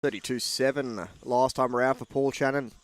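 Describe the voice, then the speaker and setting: A man giving steady play-by-play commentary on a radio-controlled car race, reading out lap times and gaps. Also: mid-range voice, normal speed, smooth, no room sound. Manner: steady, informative calling of laps and gaps.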